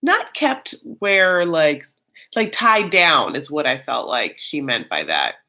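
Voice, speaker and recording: A man's voice: a little high, takes it slowly. A man hosting a live reaction show, chatting casually and animatedly with lots of fillers and campy, self-mocking asides. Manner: chatty and animated, many fillers, bursts of mock voices.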